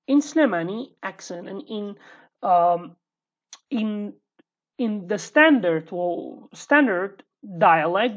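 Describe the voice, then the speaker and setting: Casual language teacher, a woman; deliberate, unhurried delivery, lo-fi recording. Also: mid-range voice, expressive. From Iraqi Kurdistan. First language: Kurdish. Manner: chatty, repeats words slowly, jokey asides. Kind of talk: casual video lesson. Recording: dull lo-fi sound.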